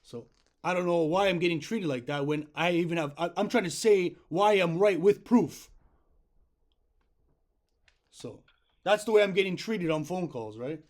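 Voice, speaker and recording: A man's voice: sits high, expressive, moderate pace, long pauses, a little mellow. A man, a self-publishing author, making a frustrated complaint call to customer support and often tagging his points with "right?". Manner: frustrated, insistent, keeps asking 'right?'.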